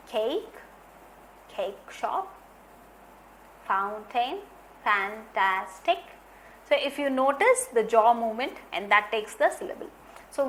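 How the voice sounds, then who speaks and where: A woman with a high voice gives a slow, deliberate phonics lesson for teachers. She repeats her key points and sounds out example words one at a time. A faint ambient hum sits behind her. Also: fairly bright tone. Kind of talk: instructional lecture.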